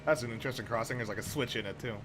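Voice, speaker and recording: A young man talks over a train simulator stream in loose, casual commentary. He wanders off on profane tangents with wry asides. His voice sits at an ordinary middle pitch. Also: rapid-fire, background noise.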